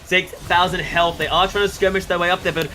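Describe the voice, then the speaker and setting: A man with an Australian accent giving excitable play-by-play commentary on a school esports match, shouting at the big plays. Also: high voice, a little fast, a little hiss or hum. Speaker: esports caster.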